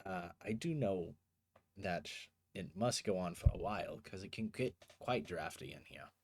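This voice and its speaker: Laughing low-voiced man running a tabletop game. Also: lively intonation, normal speed, a little mellow. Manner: laughs often, does sound effects, casual and swearing. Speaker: game master.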